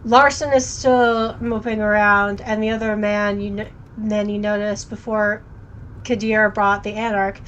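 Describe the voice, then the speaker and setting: A woman's voice: mid-range voice, flat delivery, unhurried, fairly bright tone, dull audio, a little hiss or hum. A woman streamer chatting casually while playing and reading a story game aloud, often stumbling over names and correcting herself. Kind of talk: casual let's-play commentary and reading.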